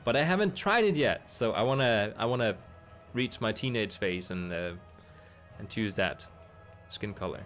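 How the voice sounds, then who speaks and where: A man's voice: on the low side, expressive, moderate pace, a bit bright, faint music behind. A man streaming a game, chatting casually and thinking aloud with amused asides. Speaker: gaming streamer.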